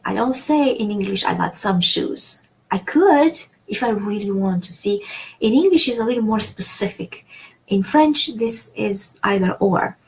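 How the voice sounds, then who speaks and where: A woman's voice: medium pitch, creaky, darkish tone, low-quality recording. A woman teaching a French lesson in English, explaining patiently with many fillers and restarts. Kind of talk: online language lesson.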